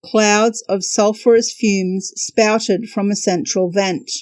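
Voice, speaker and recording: A woman's voice: mid-range voice, steady tone, slow, a little mellow, dry recording. A woman hosting a podcast, narrating a travel story from a script with wry, dry humor.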